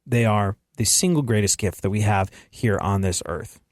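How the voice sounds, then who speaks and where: A man hosting a talk show, giving an animated, sarcastic and preachy comedic monologue. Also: lowish voice, normal speed. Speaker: show host.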